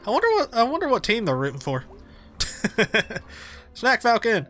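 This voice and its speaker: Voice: mid-range voice, huge pitch swings, a little slow, a bit bright. A let's-play host chatting and reading game dialogue aloud in casual gameplay commentary. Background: game music.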